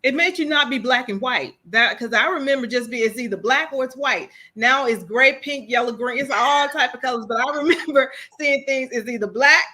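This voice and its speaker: A woman transformation coach chatting as a guest, telling animated stories and repeating phrases for emphasis. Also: high-pitched, fairly quick, few pauses. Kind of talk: casual conversation.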